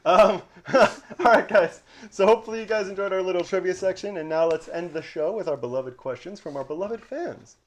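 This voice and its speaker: A man co-hosting a casual podcast, running a movie trivia game with lively banter and frequent laughter. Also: high-pitched, a little fast. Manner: animated, laughs often, calls his co-host "Twin". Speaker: podcast co-host.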